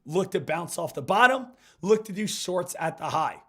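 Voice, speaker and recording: A hoarse man, getting over an illness, giving hyped, repetitive live market commentary as a stock trading streamer. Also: sits high, sing-song, moderate pace, sharp tone.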